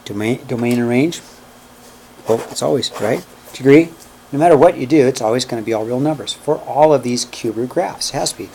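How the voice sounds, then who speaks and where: A man's voice: mid-range voice, a little fast, mellow, a little hiss or hum. A man teaching a math class in a classroom, walking through each step aloud and checking in with "okay?" and "right?". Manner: counts out steps aloud while working. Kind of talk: classroom lecture.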